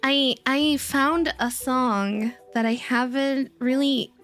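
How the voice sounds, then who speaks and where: A woman's voice: sits high, slow pace, fairly bright tone, faint music behind. A woman streamer chatting casually with her viewers, giggly and gushing and laughing often. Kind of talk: casual live-stream chat.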